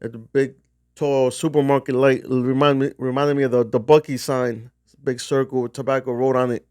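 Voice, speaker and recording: Middle-aged man from New Jersey, rambling profane storytelling, smooth resonant voice, dry sound. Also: mid-range voice, flat delivery, fairly quick, a little mellow, no echo. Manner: rambling, profane, restarts often. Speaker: golf vlogger. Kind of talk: casual storytelling.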